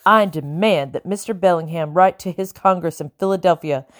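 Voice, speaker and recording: A woman reading the part of an imperious, sharp-tongued colonial lady who speaks crisply and coldly in an audiobook. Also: fairly low pitch, normal speed, close to an everyday voice. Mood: haughty. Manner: crisp, cold, demanding.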